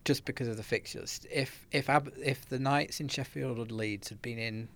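A man's voice: mid-range voice, moderate pace. A man giving darts betting tips in casual podcast chat, hesitant with many restarts. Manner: hesitant, restarts, laughs along. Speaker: darts pundit.

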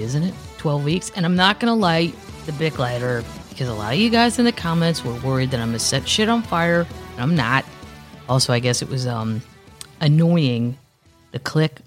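A middle-aged woman hosting her own podcast, chatting casually with wry, rambling asides. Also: sits low. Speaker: podcast host. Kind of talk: casual solo chat.

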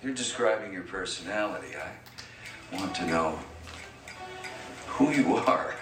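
An actor playing a calm, pressing male therapist who needles a patient in a group session, heard as film audio. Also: low voice, slow pace. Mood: needling. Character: probing, unflappable male therapist leading a group. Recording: distant film audio with music and echo.

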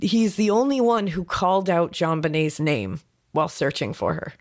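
Very animated and speaking at normal speed, a woman with a fairly low voice co-hosts a true-crime podcast. She walks her co-host through the case details casually, telling it as a story with plenty of fillers.

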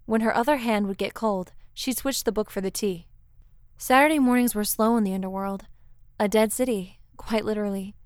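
A woman narrating a romantic story in a calm, unhurried reading. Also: medium pitch, dry recording, clean studio sound.

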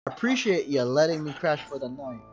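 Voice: medium pitch, lively intonation, brisk, dull audio, soft background music, natural voice. A storyteller reading out lines as a sweaty male uncle in a clumsy fake British accent, laughing at his own attempt. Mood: creepy friendly. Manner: over-the-top, wobbly accent.

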